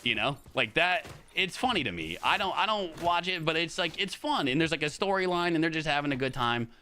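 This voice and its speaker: A man's voice: on the high side, sing-song, fairly quick, bright, forceful tone, a little hiss or hum. A young man chatting casually on a live stream, rambling and swearing, with frequent laughs.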